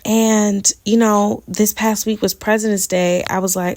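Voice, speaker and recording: A woman's voice: a little high, unhurried, few pauses, fairly bright tone, slight background noise. A young woman hosting a casual solo podcast, chatting with playful slang and laughing as she goes. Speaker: podcast host.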